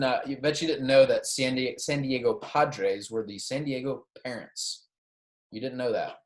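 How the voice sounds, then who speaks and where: Man teaching Spanish greetings in an echoey room. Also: mid-range voice. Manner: repeats phrases for students, frequent "okay?" and "right?" checks; light joking asides. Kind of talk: recorded classroom lecture.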